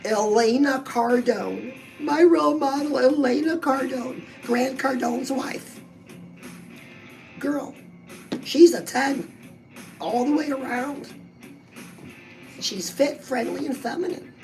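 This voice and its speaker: A woman's voice: high-pitched, slow, creaky, pauses often, darkish tone, soft background music, poor audio. A woman coaching on fitness and weight loss in a bubbly, chatty, motivational way, talking straight to her listeners. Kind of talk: upbeat motivational vlog.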